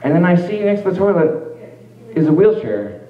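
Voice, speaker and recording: A man's voice: sits high, very animated, normal speed. A young man doing a stand-up comedy set, with a loose, chatty delivery. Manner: loose, chatty delivery with fillers, acts out voices. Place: small music venue stage. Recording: echoey room, far from mic, dull lo-fi.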